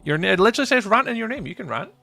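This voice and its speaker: A man hosting a live game stream, reading chat messages aloud and bantering with viewers in an animated way. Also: high-pitched, racing, gravelly, no room sound, soft background music. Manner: animated, bursts of loud emphasis. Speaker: livestream host.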